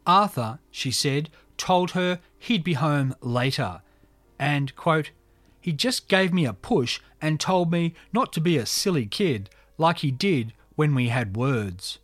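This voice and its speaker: A man's voice: on the high side, animated, no room sound. Man narrating true crime in a dry, close voice. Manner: measured, reads quoted testimony in a subdued tone. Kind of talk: true crime narration reading court testimony.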